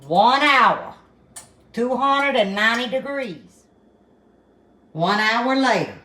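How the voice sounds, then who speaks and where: A woman's voice: medium pitch, bright, forceful tone. A woman hosting a casual cooking vlog from her kitchen, folksy and full of exclamations. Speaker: cooking channel host.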